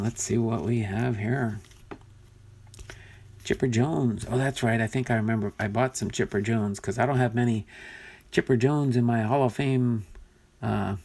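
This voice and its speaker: Guy w a gravelly voice going thru baseball cards, mumbly and chatty. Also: medium pitch, darkish tone. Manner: muttering, thinking aloud while sorting cards. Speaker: card collector vlogger. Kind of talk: casual unboxing commentary.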